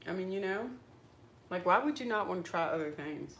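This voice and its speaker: A woman's voice: on the low side, animated, fairly quick, slight background noise. A middle-aged woman, chatting casually and rambling over breakfast in a vlog, with lots of "like.". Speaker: vlogger. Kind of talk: casual chat while eating breakfast.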